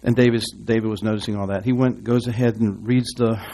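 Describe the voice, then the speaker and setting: A man with a lowish voice preaches to his congregation in a relaxed, folksy way. He wanders off into asides and restarts, then reads scripture aloud. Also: fairly quick, vocal fry. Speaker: pastor. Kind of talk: sermon. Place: church.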